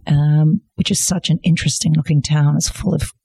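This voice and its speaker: A woman's voice: low voice, steady tone, brisk, mellow, slightly rough, no echo. A middle-aged woman guest chatting casually and telling stories with earthy slang on a podcast. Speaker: guest actress.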